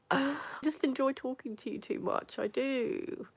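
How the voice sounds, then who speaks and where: A woman's voice: sits high, husky. A woman live streaming, chatting in a rambling way and now and then dropping into a whisper. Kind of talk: casual live-stream chat.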